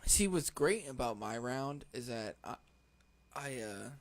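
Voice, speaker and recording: A man's voice: mid-range voice, expressive, a little slow. A man co-hosting a casual livestream chat, exasperated and laughing, with the hiccups. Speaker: co-host. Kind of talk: casual livestream chat over a card game.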